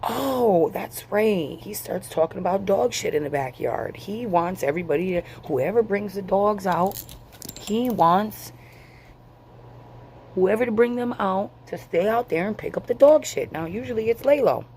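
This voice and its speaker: A woman's voice: medium pitch, lively intonation, unhurried, a little mellow, a little hiss or hum. A woman in her forties venting to her camera, angry, tired and swearing freely. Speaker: vlogger.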